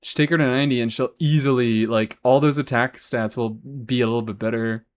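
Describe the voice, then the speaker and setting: A man's voice: medium pitch, fairly even intonation, fairly quick. A man live-streaming a game, chatting casually and answering chat, swearing freely as he talks. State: has hiccups.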